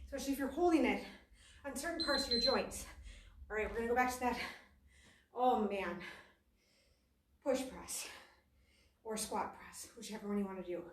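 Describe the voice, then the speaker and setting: A woman's voice: fairly high pitch, moderate pace, long pauses, noisy background. A woman fitness instructor leading a workout class, chatty and self-deprecating, talking while she exercises and at times out of breath. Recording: echoey room, voice from a distance.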